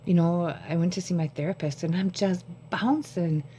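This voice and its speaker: A woman with a lowish, mellow voice talks to her phone camera at home. Short on sleep, she rambles casually from one thought to another. A faint hum sits under her voice. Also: steady tone, normal speed. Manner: rambling, jumps between thoughts. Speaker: vlogger.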